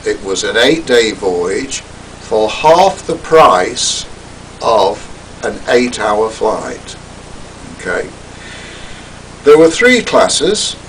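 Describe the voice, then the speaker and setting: An older man giving a talk, recounting a personal story in a theatrical, wry way that drops to hushed asides. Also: lowish voice, big pitch swings, drawn-out words, pauses often, distant mic, a little hiss or hum, rough recording.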